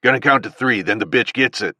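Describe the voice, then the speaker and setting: A man voicing a gruff young male bandit with a Southern US accent, barking threats. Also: mid-range voice, brisk, sharp tone, no room sound, dull audio. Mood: threatening.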